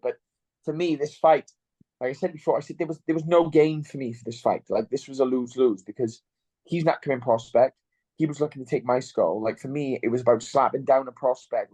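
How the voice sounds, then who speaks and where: A man's voice: medium pitch, dark tone, dry recording. A young man, a fighter in an interview, talking bluntly and swearing freely. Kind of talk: casual interview chat.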